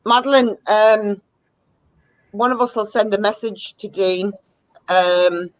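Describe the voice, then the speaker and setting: Co-host on a live stream, mid-pitched, halting, plenty of ums. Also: highs cut off. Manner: hesitant, many ums. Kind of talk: casual live stream chat.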